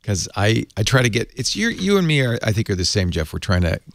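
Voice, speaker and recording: A man hosting a casual tech talk show, animated and quick, laughing often, in a studio. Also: on the low side, gravelly, no echo. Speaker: podcast host. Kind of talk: casual chat. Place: radio studio.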